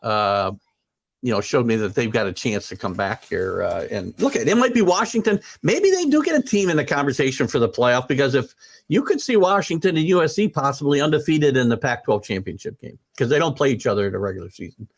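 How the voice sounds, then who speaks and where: A man's voice: medium pitch, lively intonation, brisk, vocal fry. A man hosting a casual sports talk show, opinionated and rambling, with lots of fillers and restarts.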